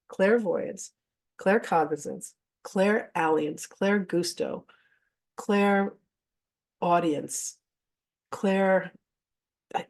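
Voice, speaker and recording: A woman's voice: medium pitch, darkish tone. A woman leading a spiritual masterclass, talking to her audience casually and openly, with frequent laughs and offhand swearing, as she mixes teaching with personal stories. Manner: chatty and candid, laughs often, swears offhandedly; addresses the audience directly.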